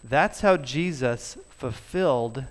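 A man preaching a sermon in a church, earnest, dropping his voice softly on key words. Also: mid-range voice, animated, takes it slowly. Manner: earnest, drops to soft emphasis on key words. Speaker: pastor. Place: church sanctuary.

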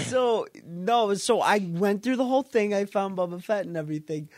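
A man on a casual podcast retelling a video game scene in a rambling, animated way, acting out quoted lines and laughing and swearing as he goes. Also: high voice, normal speed, dry recording, studio quality. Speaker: podcast co-host or guest.

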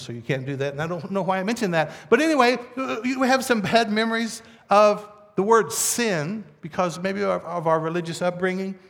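A man preaching a sermon to his congregation in a church, conversational and joking with the room. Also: sits high. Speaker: pastor. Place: church sanctuary. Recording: long reverb of a large hall.

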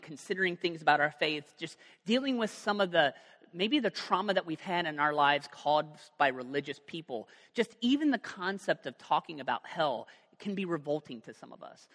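A man preaching a sermon as pastor, talking in a conversational, joking way with lively asides. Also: high-pitched, long reverb tail.

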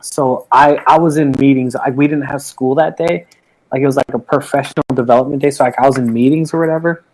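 A man in a relaxed chat among friends, a mid-pitched voice spilling into long rambling stories. He swears freely and acts out what people said along the way. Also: fast talker, rough recording.

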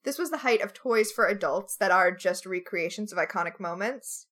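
A woman's voice: mid-range voice, moderate pace, a bit bright. A woman co-hosting a casual podcast chat, sarcastic and given to mock outrage. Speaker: podcast co-host.

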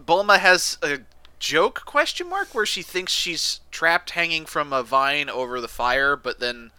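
Lively, bright-voiced man in a dry room. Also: a little high, unhurried, clean tone, no room sound. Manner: playful, hesitant fillers. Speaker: podcast co-host. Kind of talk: casual recap chat.

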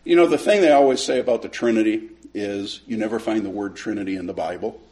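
A man teaching a Sunday school class, retelling a conversation in an animated way and often repeating words as he starts a sentence. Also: fairly low pitch, quick pace. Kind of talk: storytelling Bible lesson.

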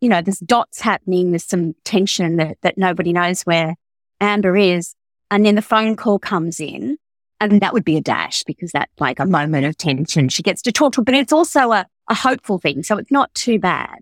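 A woman novelist explaining her writing process in an interview, thoughtful and a little halting. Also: lowish voice, expressive, no echo. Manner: thoughtful, with frequent restarts and fillers. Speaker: novelist guest. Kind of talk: casual interview chat.

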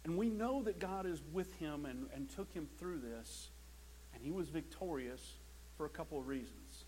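Male pastor, high voice, impassioned sermon delivery that swings loud to hushed, repeats words when starting a phrase. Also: expressive, normal speed, a little hiss or hum, rough recording.

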